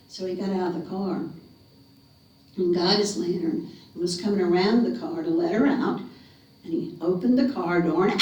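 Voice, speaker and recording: A woman from North Carolina telling a ghost story dramatically, slowing and dropping to a whisper for suspense, in a living room of a retirement community. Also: lowish voice, darkish tone. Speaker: folk storyteller. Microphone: room camera mic at a distance. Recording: echoey room, mic far off.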